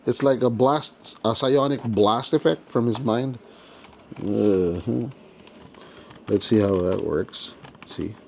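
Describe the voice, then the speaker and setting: A man's voice: mid-range voice, slow, gravelly, pauses often, darkish tone, slight background noise. Chatty man unboxing toys. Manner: chatty, playful, jokey. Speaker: toy collector host. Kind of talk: casual unboxing commentary.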